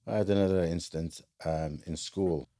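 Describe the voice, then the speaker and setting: A man's voice: low voice, steady tone, moderate pace, dark tone. A man from Wales, a podcast guest telling stories from his life in a frank, matter-of-fact way, full of fillers and restarts. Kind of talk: casual storytelling.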